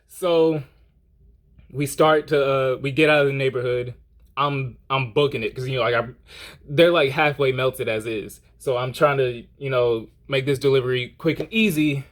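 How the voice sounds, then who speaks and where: A young man telling a story in a casual, animated way, rambling with lots of fillers. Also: medium pitch, moderate pace. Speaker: vlogger.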